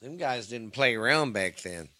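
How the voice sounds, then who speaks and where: A man's voice: mid-range voice, expressive, normal speed, pushed and bright, no room sound. A man hosting a podcast, reading ghost stories with stumbles, tired and yawning, swearing in casual asides.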